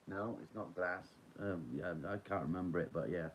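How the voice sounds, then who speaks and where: A man's voice: sits low, steady tone, moderate pace, hardly any pauses, slight background noise, rough recording. A man in his forties chatting casually on a live stream, rambling, swearing freely and answering his viewers. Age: 40s.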